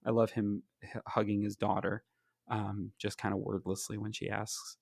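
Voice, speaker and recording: A man's voice: fairly low pitch, little pitch movement, moderate pace, vocal fry, dry recording, studio quality. A man co-hosting a podcast, chatting casually about comics in an enthusiastic, rambling way with lots of fillers. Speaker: podcast co-host.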